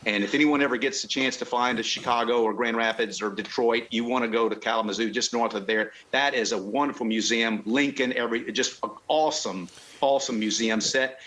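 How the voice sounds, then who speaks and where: A man's voice: medium pitch, a bit bright. A middle-aged man from the southern United States, a car club member chatting casually in an interview, often stopping and restarting his sentences. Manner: halting, many restarts and fillers.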